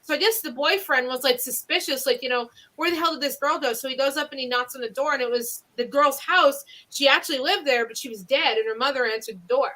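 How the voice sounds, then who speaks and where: A woman with a Northeastern Pennsylvania accent tells local ghost stories on a podcast. Her high, bright voice runs on through loose, rambling sentences full of fillers and restarts. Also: quick pace, few pauses. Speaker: podcast host. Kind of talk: casual ghost-story chat.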